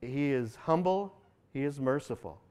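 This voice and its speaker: A man's voice: expressive, a little slow, darkish tone, clear, resonant tone. A man preaching a sermon to a congregation in a church, talking conversationally, asking the audience questions and acting out quotes. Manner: conversational, asks the audience questions, acts out quotes with rising pitch. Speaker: pastor.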